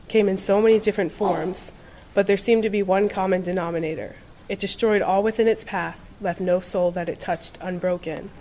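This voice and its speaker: A woman reading a first-person short story aloud in a steady, measured way. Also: lowish voice, a little hiss or hum, low-quality recording. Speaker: reader.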